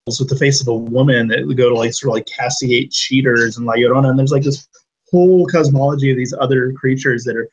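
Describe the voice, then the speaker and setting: Husky rambling man podcast co-host. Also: mid-range voice, fast talker, muffled recording. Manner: rambling, many fillers, animated tangents. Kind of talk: casual chat.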